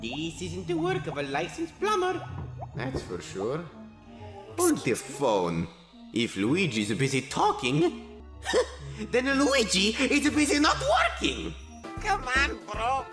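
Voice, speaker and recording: A man's voice: sits high, huge pitch swings, slow pace, music in the background. A man doing a goofy cartoon plumber. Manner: jokey, laughing between lines. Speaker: viewer submitting an impression.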